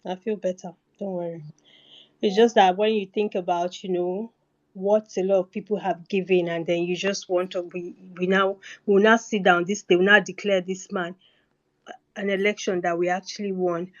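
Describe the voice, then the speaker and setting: A woman's voice: on the low side, flat delivery, normal speed, dull audio. A woman speaking in a live online discussion, impassioned and emotional, sometimes stammering. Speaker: speaker in a live audio space.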